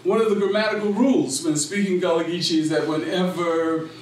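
A man with a South Carolina Low Country accent giving a library talk, quizzing the audience and affirming their answers. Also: steady tone, brisk. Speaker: speaker on culture and language. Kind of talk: public talk with audience questions. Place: library meeting room. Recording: roomy echo, distant mic, faint noise.

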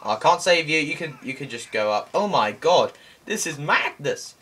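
A young man giving excitable let's play commentary, shouting exclamations and making sound effects while he plays. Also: on the high side, normal speed, slightly rough. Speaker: gameplay commentator.

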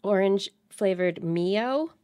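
A woman's voice: mid-range voice, mellow, clear, resonant tone, no room sound, studio quality. A woman co-hosting a podcast in casual chat, with amused reactions. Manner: slow, amused reactions with laughter. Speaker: podcast co-host.

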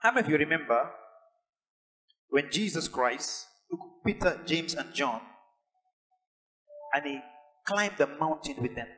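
A pastor preaching a sermon, building to emphatic, repeated lines. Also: male voice, fairly high pitch, lively intonation, measured pace, long pauses, bright, forceful tone, rough recording. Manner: preaches with rising intensity and emphatic repetition.

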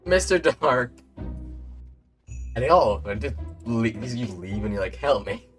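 An excitable young man chatting over a headset while he plays a game with friends. His voice is bright and swings widely in pitch as he laughs, swears and shouts, and faint game music plays behind him. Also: unhurried. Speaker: gamer. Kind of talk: casual gaming chat.

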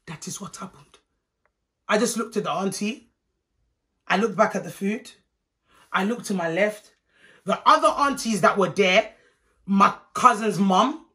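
A young woman telling a storytime vlog, animated and profane, swinging between loud and hushed. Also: mid-range voice. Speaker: vlogger.

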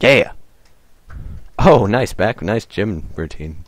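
Man, gaming host, goofy let's-play commentary, talks to the game character, unhurried, dry sound. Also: on the low side, lively intonation, no echo.

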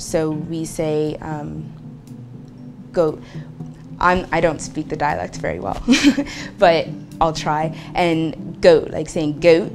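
Young woman, low voice, flat delivery, explanatory. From Bermuda. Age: young adult. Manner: measured, explanatory. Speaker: researcher. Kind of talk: explanatory documentary interview.

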